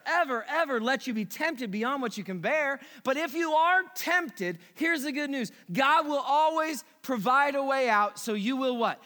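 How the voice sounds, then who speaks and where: A middle-aged man preaching a sermon as pastor, animated and quick, dropping to a hush and rising to emphatic peaks. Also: very high-pitched, big-room sound.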